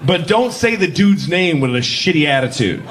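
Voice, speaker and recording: A man performing a stand-up comedy set, telling stories deadpan and jumping into shouted voices. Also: a little high, normal speed, heavy background noise. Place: comedy club stage with audience.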